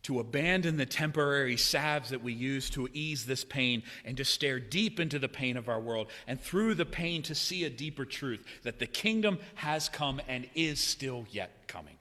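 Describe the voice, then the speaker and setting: A man preaching a sermon in a church, swinging between loud, raised cries and hushed, low passages. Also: animated, moderate pace, hardly any pauses. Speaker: pastor. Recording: long hall reverb.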